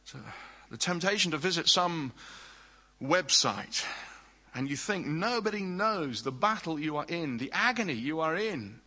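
A male preacher delivering a sermon with earnest conviction. His voice is bright and forward with a husky edge, and he often sinks into quiet, hushed phrases. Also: a little high, sing-song, unhurried, poor audio. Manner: earnest, drops to soft hushed tones for tender lines.

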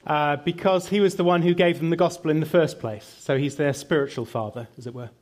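A man's voice: a little high, fairly quick, darkish tone. A man preaching a sermon and leading a prayer, emphatic and building through lists, later answering questions with some fillers.

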